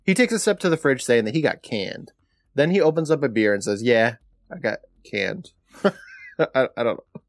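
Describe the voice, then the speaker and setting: A man's voice: mid-range voice, no room sound. A male podcast co-host walks through an episode scene by scene in an easy, casual tone. His voice swings up and down with animation. The sound is close and dry. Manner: animated retelling, quick laughs.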